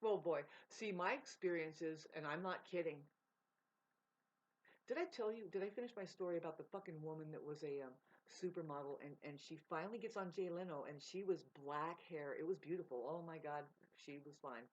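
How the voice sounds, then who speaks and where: A woman's voice: sits low, brisk. A woman vlogging in a rambling, profane casual monologue, laughing mid-sentence. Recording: dull lo-fi sound.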